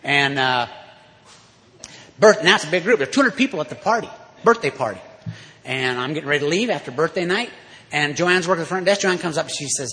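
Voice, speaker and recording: Man, folksy recovery talk, bright forceful voice, long hall reverb. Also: fairly high pitch, fast talker. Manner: folksy, emphatic, rising to loud exhortation. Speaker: recovery speaker. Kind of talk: storytelling talk to an audience.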